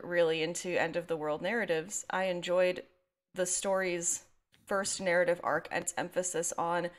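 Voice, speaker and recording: Wry, talkative young woman podcaster. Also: fairly low pitch. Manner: talkative, wry and sarcastic, rambling on side thoughts. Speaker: podcast co-host. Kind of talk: casual podcast chat.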